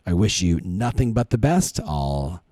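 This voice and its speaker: Lively man coaching business owners. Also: low-pitched, unhurried, slight background noise. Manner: energetic, coaching, asks rhetorical questions. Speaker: podcast host and real estate coach. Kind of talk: motivational podcast talk.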